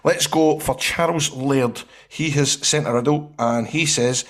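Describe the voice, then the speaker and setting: A man's voice: medium pitch, unhurried, few pauses. Scottish man bantering on a podcast. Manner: laughing banter, reads out quiz riddles. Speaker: podcast co-host. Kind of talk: casual chat.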